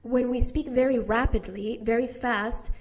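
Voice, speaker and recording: A woman with a General American accent teaching pronunciation, repeating each sound slowly and deliberately. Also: a little high, fairly even intonation, darkish tone. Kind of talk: slow, careful pronunciation lesson.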